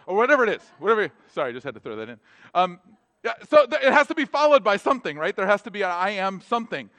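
A man's voice: high voice, big pitch swings, fast talker, pushed and bright, no room sound. A man preaching a casual, conversational sermon as a pastor, full of asides and laughing at his own jokes.

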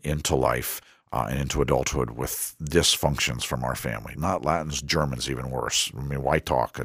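A middle-aged man with a very deep, husky voice hosts a faith-based parenting podcast. He speaks earnestly, quotes scripture and acts out small exchanges between family members. The sound is close and dry. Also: no room sound. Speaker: podcast host. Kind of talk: conversational Christian parenting talk.

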